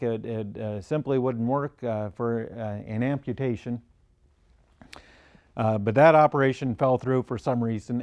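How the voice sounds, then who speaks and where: A middle-aged man lecturing on history in an unhurried way. His pitch sits in the ordinary middle range for a man. He pauses often to gather his next thought. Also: darkish tone.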